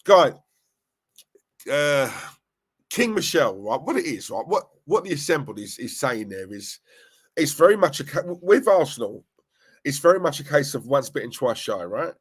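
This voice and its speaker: A young man hosting a live stream, chatting casually, reading viewer comments and reacting with animated, rambling restarts. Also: normal speed, breathy edge. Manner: animated, rambling, restarts and laughs, pitch jumping when worked up. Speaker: fan channel live-stream host.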